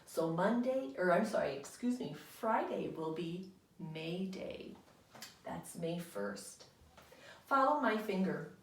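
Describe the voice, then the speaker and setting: A woman's voice: fairly low pitch, expressive, slow, recorded from a distance. A woman teaching young children a remote lesson on the calendar and rebus words, in a patient, sing-song teacher voice with call-and-response. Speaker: kindergarten teacher. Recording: roomy home recording, voice somewhat off-mic.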